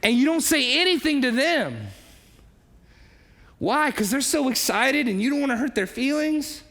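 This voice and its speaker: Animated high-voiced pastor in a reverberant hall. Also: male voice, moderate pace. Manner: animated, acts out quoted voices, asks the congregation questions. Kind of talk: sermon. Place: church hall. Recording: long reverb of a large hall.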